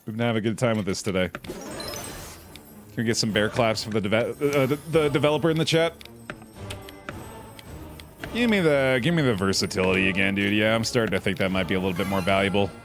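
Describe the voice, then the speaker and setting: A man's voice: lowish voice, brisk, vocal fry, long pauses, a bit bright, soft background music. Laid-back man streaming a game. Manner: laid-back, chatty, calls chat dude and bud. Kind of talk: casual gameplay commentary.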